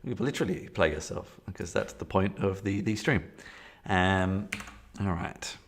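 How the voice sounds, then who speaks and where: This fairly low-voiced man is streaming a tabletop game he plays alone, speaking into a desktop rig with a camera. He talks a little slowly, musing aloud in a casual, rambling way full of fillers and false starts.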